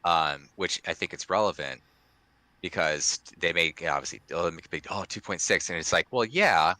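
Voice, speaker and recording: A man's voice: deep voice, expressive, moderate pace, pushed and bright, no echo. A man co-hosting a podcast in casual chat, rambling with many restarts and fillers. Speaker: podcast co-host.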